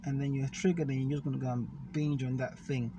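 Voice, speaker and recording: A man's voice: medium pitch, flat delivery, fast, dark tone. A man, casually explaining fitness and food with step-by-step analogies while riding in a car. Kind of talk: casual conversation. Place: inside a car. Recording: noisy car recording.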